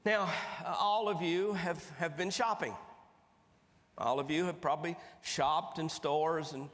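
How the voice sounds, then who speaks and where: A man from East Tennessee, telling stories as a motivational speaker in a folksy, animated way with big jumps in pitch. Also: a little slow. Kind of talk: storytelling keynote speech. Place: large conference hall stage. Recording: long reverb of a big hall.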